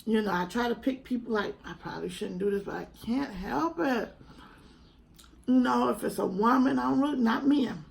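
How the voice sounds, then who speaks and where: A woman's voice: fairly high pitch, moderate pace, creaky, low-quality recording. A young woman, earnestly and chattily talking to camera at home in a vlog. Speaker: mukbang vlogger. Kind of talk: casual heartfelt chat to camera.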